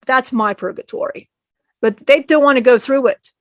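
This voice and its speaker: Woman channeler, higher voice, dry close sound, emotional halting first-person story. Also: no echo.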